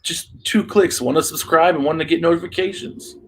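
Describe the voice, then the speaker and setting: A man co-hosting a casual show, teasing his friend in an animated way. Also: fairly high pitch, a little hiss or hum. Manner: teasing, animated, quick to laugh. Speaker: podcast co-host. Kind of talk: casual chat.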